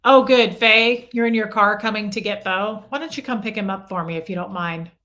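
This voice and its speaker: A woman's voice: mid-range voice, fairly quick, sharp tone. A middle-aged woman hosting a casual livestream, chatting and answering viewer comments by name. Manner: coos baby talk at her small dog.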